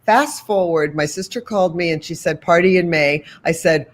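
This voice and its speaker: A woman's voice: on the low side, normal speed. A woman in her sixties from the Boston area, telling a long story as an interview guest, with many asides and restarts.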